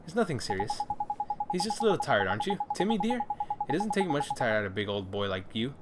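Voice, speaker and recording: A man's voice: mid-range voice, sing-song, fast, very noisy, close to an everyday voice. A man doing a doting older cat lady. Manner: sweet and doting. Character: fussy older woman doting on her cat. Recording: loud game music behind.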